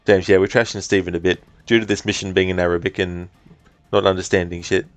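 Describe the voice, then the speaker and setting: A man's voice: deep voice, fast, no room sound, soft background music. A man streaming a game, chatting casually, reading chat aloud and swearing now and then. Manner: relaxed, chatty, reads chat aloud, swears, laughs often.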